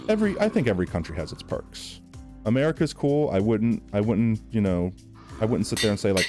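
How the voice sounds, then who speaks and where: A man's voice: on the low side, animated, brisk, dark tone, faint music behind. A young man from New York with a slight Southern accent, chatting casually and rambling with lots of fillers while he streams a game. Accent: Southern US tinged. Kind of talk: casual chat while gaming.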